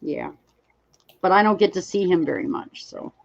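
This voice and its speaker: A woman's voice: fairly low pitch, animated, normal speed, vocal fry, dull audio. A woman hosting a live stream, chatting casually and reading out viewer comments as they come in. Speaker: livestream host.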